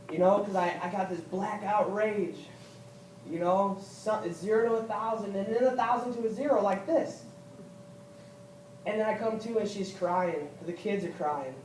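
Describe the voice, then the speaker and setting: A man's voice: sits high, darkish tone. Earnest young man, echoey hall. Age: young adult. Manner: halting, earnest, repeats himself, rises when upset. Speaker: veteran speaker. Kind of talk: personal speech at a political event. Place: event hall. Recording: echoey hall from far off, faint noise.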